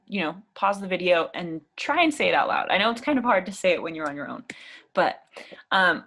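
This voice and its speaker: A young woman talks through an English speaking lesson in a relaxed, chatty way. She encourages the viewer warmly and fills her sentences with easy fillers. Her pitch sits in a middle range. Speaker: English teacher. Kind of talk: casual spoken lesson.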